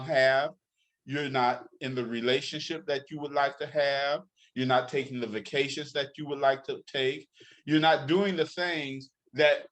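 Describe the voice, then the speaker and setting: A man speaking as a guest life coach in an interview, in an earnest coaching tone that repeats points for emphasis. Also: medium pitch. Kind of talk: conversational interview.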